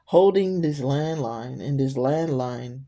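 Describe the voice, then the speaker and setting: A woman's voice: rumbling low, takes it slowly, dark tone. A middle-aged woman telling a personal story in a rambling, conversational way, with frequent asides to the listener. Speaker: storyteller vlogger.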